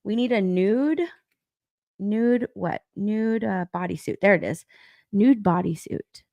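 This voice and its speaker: A woman's voice: medium pitch, slow pace, vocal fry, warm tone, dry recording, dull audio. A young woman chatting casually on a live stream, rambling and repeating herself, swearing and laughing. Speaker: stream co-host.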